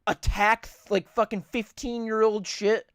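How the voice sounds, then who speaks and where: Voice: mid-range voice, steady tone, measured pace, fairly bright tone, smooth, no echo, studio quality. A podcast co-host in casual chat, rambling and swearing a lot, repeating points for emphasis.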